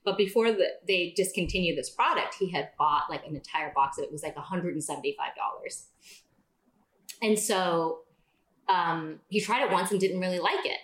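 A woman guest on a podcast telling a story in casual chat, jumping into a higher voice to act out what people said. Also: moderate pace, reverberant. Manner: animated, acts out quoted dialogue in a raised voice.

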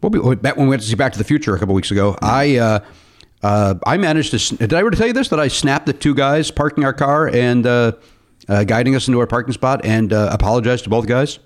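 A fast-talking man with a medium-pitched voice tells a story casually on a podcast he co-hosts. He's animated and acts out the voices of the people he quotes.

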